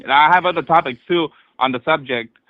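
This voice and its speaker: A man's voice: a little high, brisk, no echo. A man calling in to a live stream who rambles, stops short and repeats himself. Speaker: caller. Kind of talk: rambling phone call. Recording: dry tinny phone line.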